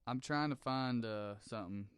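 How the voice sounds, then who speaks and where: Smooth-voiced, laid-back man. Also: mid-range voice, moderate pace, a bit bright, no room sound, clean studio sound. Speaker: comedy podcast co-host. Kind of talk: casual comedic chat.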